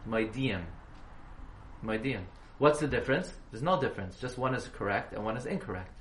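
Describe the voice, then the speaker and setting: A man's voice: mid-range voice, lively intonation, fast. A man giving a halacha class, questioning his students and spelling words out letter by letter. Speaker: Torah teacher. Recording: echoey room, faint hiss.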